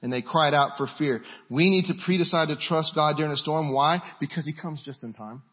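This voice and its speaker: A man's voice: fairly high pitch, a little fast, husky, muffled recording. A man preaching a sermon, reading scripture and asking the congregation rhetorical questions.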